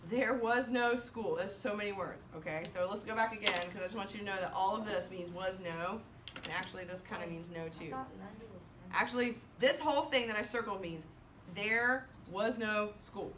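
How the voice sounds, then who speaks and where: A woman French teacher leading her class, counting down and reading aloud slowly in chorus with the students, then explaining in a brisk, lively way. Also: medium pitch, background noise. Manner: animated, leads choral reading with slow drawn-out words and countdowns. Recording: echoey classroom from far off.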